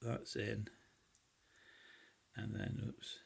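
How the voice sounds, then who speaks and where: Gravelly-voiced man, lockpicking hobbyist, halting and musing, fillers throughout. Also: mid-range voice, fairly even intonation, whispered. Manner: hesitant, thinking aloud with many fillers. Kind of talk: casual demonstration while picking a lock.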